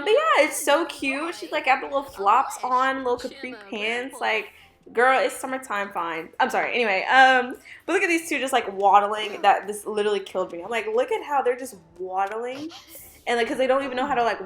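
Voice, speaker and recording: Young woman, bubbly, chatty, gaming voice-over, mid pitch, roomy echo. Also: fairly bright tone. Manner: bubbly, gushing, chatty with many "like"s. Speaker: gaming YouTuber. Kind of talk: casual gameplay voice-over. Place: home room with dogs.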